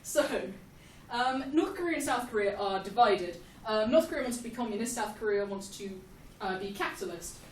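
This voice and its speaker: A young woman giving a casual, jokey history lesson, animated and laughing often. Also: a little high, a little fast, recorded from a distance. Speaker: history explainer. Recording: echoey room, off-mic, faint hiss.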